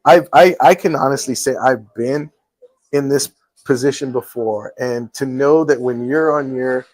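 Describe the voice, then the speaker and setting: A man's voice: mid-range voice, unhurried, darkish tone, dry recording, rough recording. Male host, earnest storyteller with a middle voice, dry close sound. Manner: earnest storytelling with many restarts. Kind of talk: casual chat. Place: taco restaurant, live show.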